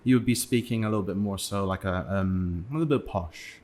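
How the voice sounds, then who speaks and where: Speaking low and a little fast, this young man from England has a somewhat dark tone. He's a guest on a podcast, and his relaxed interview talk is full of fillers and false starts.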